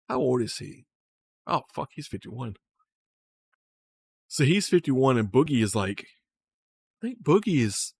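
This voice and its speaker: A man casually talking to his chat during a stream, loose and profane, reading comments aloud. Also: medium pitch.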